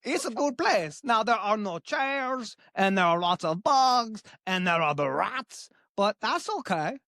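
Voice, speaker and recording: Brief: grumpy greedy chef guy, deadpan and childlike, pitch leaping all over, dry close sound, a woman putting him on. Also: measured pace, no room sound. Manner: deadpan, broken grammar, wild pitch swings. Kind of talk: improvised comedy bit.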